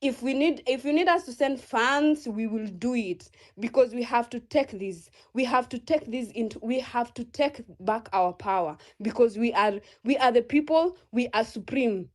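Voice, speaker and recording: A woman's voice: on the high side, a little mellow. A woman with a Kenyan accent giving a furious, profane protest speech in an online audio space, rallying listeners.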